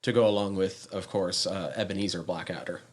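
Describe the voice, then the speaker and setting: Low-voiced man laughing through a casual chat. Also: a little fast. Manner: relaxed, laughs often, hesitant fillers. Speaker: podcast co-host.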